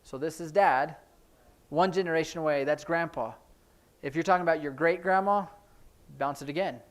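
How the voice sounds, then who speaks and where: A man's voice: a little high, normal speed. A man teaching a casual sign language class in a church, explaining signs in a chatty, informal way with many fillers.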